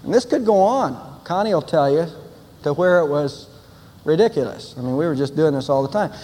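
An older man delivers an Easter sermon from the pulpit, moving between a relaxed story and firm, emphatic declarations. His voice sits high for a man. It carries the long reverb of a church sanctuary. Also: brisk. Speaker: pastor.

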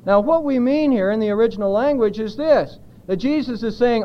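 A man's voice: very high-pitched, moderate pace, hardly any pauses, dull audio. A man preaching an expository sermon as a pastor, speaking emphatically and putting rhetorical questions to the congregation.

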